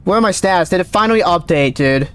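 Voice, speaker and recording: A man streaming a game live, calling out readings with excited running commentary, his voice cracking. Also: high-pitched, slight background noise. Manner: excited, calls out numbers rapidly. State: voice cracking, thirsty. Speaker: gaming streamer.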